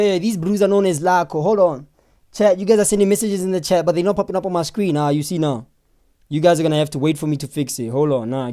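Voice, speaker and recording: A man hosting a live stream, giving excitable, chatty commentary on video footage and often breaking off to pause it. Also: fairly high pitch. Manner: excitable, chatty, keeps saying "hold on".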